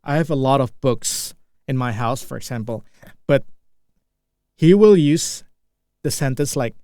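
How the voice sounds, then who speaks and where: A man's voice: mid-range voice, animated, moderate pace, long pauses, warm tone, dry recording, clean studio sound. A young Indonesian man with an Indonesian accent, English not his first language, speaking unscripted practice talk full of restarts and fillers as he searches for words. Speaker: English learner.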